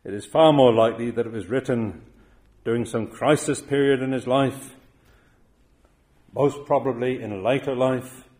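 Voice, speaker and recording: A man preaching a sermon to his congregation in a measured, emphatic way, slowing down to stress quoted verses. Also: medium pitch, darkish tone. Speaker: pastor.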